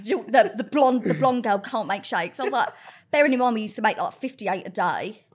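A woman's voice: fairly high pitch, a little fast, breathy edge. A woman, a podcast guest telling work stories in casual, laughing chat. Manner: chatty, laughing, animated storytelling.

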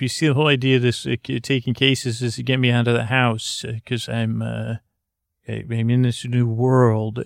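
Gravelly, flat-toned man rambling softly. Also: mid-range voice, no echo, clean studio sound. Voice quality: meandering, halting with many fillers and restarts. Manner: soft, drowsy and gentle. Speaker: storyteller narrating as a character. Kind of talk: improvised rambling bedtime-style storytelling.

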